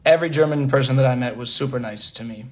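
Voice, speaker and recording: A young man with a mid-pitched voice chats easily on a phone livestream, answering fans as he goes. He reads comments aloud and laughs often. He slips from one language to another without a pause. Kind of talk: casual livestream chat.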